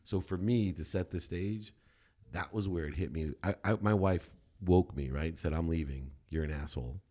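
A man's voice: low voice, normal speed. A middle-aged man, a podcast guest, telling a candid personal story in an emphatic way. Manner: emphatic, animated when quoting himself.

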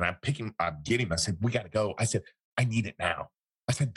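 A man's voice: deep voice, quick pace, a bit bright, husky. A man, a former interrogator, telling a story in an interview and acting out the quoted dialogue.

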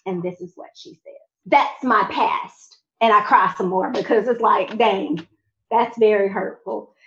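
A young adult woman telling a personal faith testimony in an animated way, talking straight to her audience. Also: mid-range voice, normal speed, highs cut off, slight background noise. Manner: animated, addresses audience directly. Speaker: speaker sharing a testimony.

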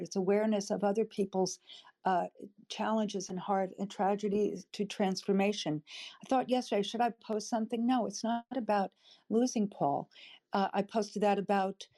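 Tearful older woman, mellow voice. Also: medium pitch. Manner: emotional, halting, warm-hearted. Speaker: audience member speaking up. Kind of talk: emotional personal sharing.

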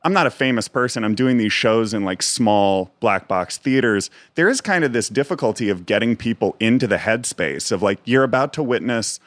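A man guesting on a podcast, chatting casually in a self-deprecating, halting way with many restarts. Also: on the low side, expressive, dry recording. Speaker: guest comedian.

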